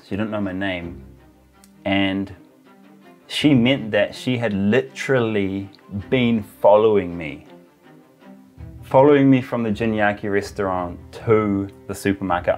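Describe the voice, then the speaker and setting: Chatty New man telling a story. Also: lowish voice. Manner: chatty, uses filler words. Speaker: travel vlogger. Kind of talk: casual storytelling to camera.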